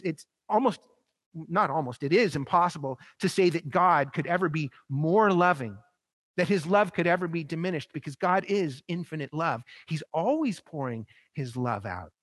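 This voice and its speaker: Man preaching with rising, emphatic peaks. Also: dry recording. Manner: rising to emphatic peaks, then dropping soft and low; repeats phrases for rhetorical effect. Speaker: pastor. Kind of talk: sermon.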